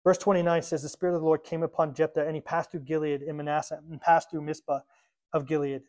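A man's voice: a little high, level tone, fast talker, darkish tone. A man preaching a sermon, reading scripture aloud and explaining it, acting out the quotes in a casual modern voice. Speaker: pastor.

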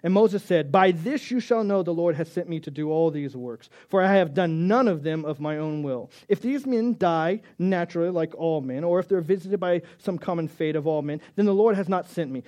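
A man delivers a sermon in a voice pitched a little above the usual. He performs the lines of the figures in his readings, dropping to a near whisper and then rising again, and breaks in with casual, offhand asides. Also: moderate pace, hardly any pauses, muffled recording. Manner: dramatic, acts out quotes of God and Moses, shifts loud to soft. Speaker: pastor.

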